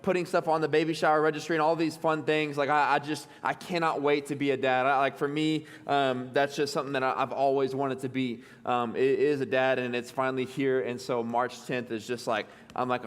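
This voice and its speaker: A man's voice: medium pitch, flat delivery, brisk, hardly any pauses, smooth. A young man with a Texan accent preaching a sermon in a church, chatty and self-deprecating, full of ums and restarts. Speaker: pastor. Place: church hall. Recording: long reverb of a church hall.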